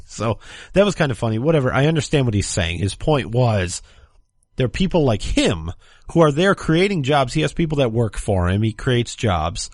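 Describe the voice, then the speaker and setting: A man's voice: medium pitch, very animated, moderate pace, no echo, studio quality. A man hosting a political commentary show, talking sarcastically and mocking his opponents. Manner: sarcastic, mocks opponents in put-on quotes. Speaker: talk show host.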